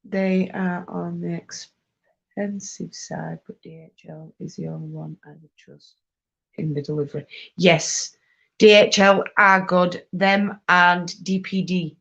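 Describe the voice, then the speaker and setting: Woman, streamer answering chat, lowish voice, dull recording. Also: steady tone, slow pace, vocal fry, fairly bright tone. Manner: chatty, reads out and answers viewer questions. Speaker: fibre craft live-streamer. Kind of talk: casual live-stream chat.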